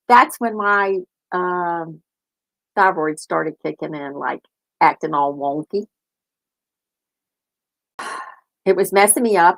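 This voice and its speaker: A woman's voice: mid-range voice, low-quality recording. Older lady chatting away, telling family stories, laughs a lot, does everybody's lines. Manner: chatty storytelling, laughs often, acts out family members' lines. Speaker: host. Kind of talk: casual chat.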